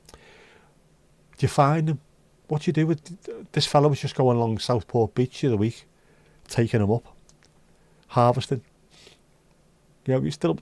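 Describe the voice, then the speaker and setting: Man, livestream host, rambling and sweary with a wry edge, warm mellow tone, dry home recording. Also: mid-range voice, dry recording. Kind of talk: casual chat reading viewer comments.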